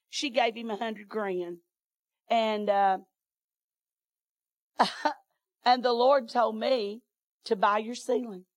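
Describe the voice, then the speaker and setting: A woman's voice: medium pitch, no room sound, studio quality. A woman preacher, telling a folksy testimony in her sermon and laughing often.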